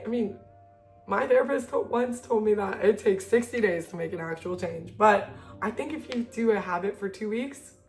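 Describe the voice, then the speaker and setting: A woman's voice: a little high, a little hiss or hum. Earnest chatty young woman. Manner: earnest, chatty, lots of fillers and restarts. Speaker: self-help video creator. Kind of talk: casual talk to camera.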